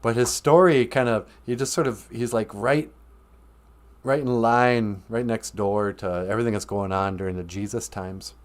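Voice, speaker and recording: A man's voice: lowish voice, fairly even intonation, moderate pace. A man hosting a live-stream podcast in casual, rambling chat, joking, laughing often and acting out quoted lines.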